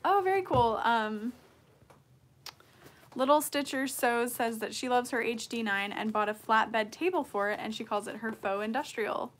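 A woman's voice: on the high side, unhurried, fairly bright tone. A young woman chatting casually on a sewing livestream, reading out viewer comments as she works. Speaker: bag maker hosting a sewing livestream.

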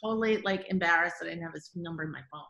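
A woman telling a story in casual chat, animated, acting out quotes and filling with "like". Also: fairly low pitch, very fast, gravelly, echoey room, lo-fi sound. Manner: animated, acts out quotes, says "like" often. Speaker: guest director.

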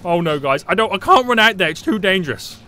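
A man giving live gameplay commentary, panicky and excitable, often repeating short phrases. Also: high voice, fast. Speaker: gaming YouTuber.

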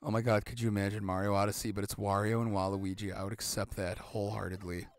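Excitable swearing gamer man, gravelly voice. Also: on the low side, fast, soft background music. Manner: excitable, swears a lot, rambling with sudden yelps. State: out of breath. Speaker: gaming channel host. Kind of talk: excited let's-play commentary.

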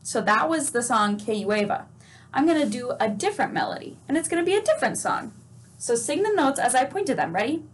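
A woman's voice: high voice, very animated, a little fast, slight background noise. A woman teaching a children's music lesson, patient and encouraging, asking questions and singing and chanting examples. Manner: sings note names and chants.

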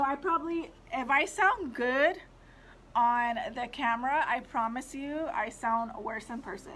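A woman's voice: high-pitched, fairly bright tone. Chatty woman, noisy live stream. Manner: chatty, talks to viewers, rambling with fillers. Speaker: livestream host showing thrift finds. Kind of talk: casual live-stream chat.

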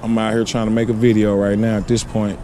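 A man casually vlogging his fishing, excitable and slangy, often repeating himself. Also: on the low side, fast, a little hiss or hum. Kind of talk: casual on-camera fishing vlog. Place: outdoors on a city riverbank.

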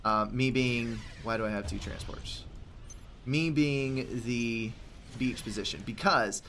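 Guy commentating his strategy game, dry explainer, kinda sarcastic, normal pitch. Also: slow pace, fairly bright tone, a little hiss or hum. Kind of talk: casual gameplay commentary.

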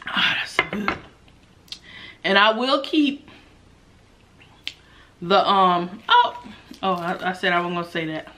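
Eating on camera for a mukbang, this young woman keeps up chatty, laugh-filled talk and calls viewers "y'all." Her lowish voice is expressive, pushed, and bright, slow with long pauses, over slight background noise.

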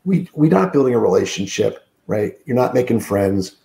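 A man's voice: mid-range voice, lively intonation, normal speed, gravelly, mellow. A middle-aged man, a sales trainer guest on a podcast, speaking emphatically with many fillers in a groggy, sick voice from a room on a remote call. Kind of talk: podcast interview, coaching talk.

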